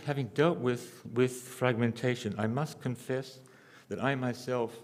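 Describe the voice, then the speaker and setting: A man lecturing at a symposium, speaking at a middling pitch in a halting way, restarting phrases and slipping in dry asides. His voice carries the long reverb of a lecture hall. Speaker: lecturer, architect.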